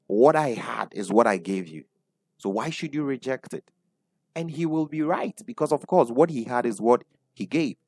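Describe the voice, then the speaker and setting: Here a man with a mid-range, slightly mellow voice and no echo coaches business in an online webinar. His Ghanaian English accent comes through as he repeats points, quizzes the audience, and uses "right?" often.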